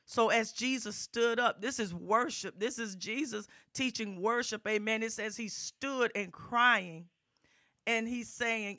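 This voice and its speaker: A preacher delivering a sermon, constantly adding amen and praise God, building into loud, fervent calls. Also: medium pitch, measured pace, dry recording, studio quality.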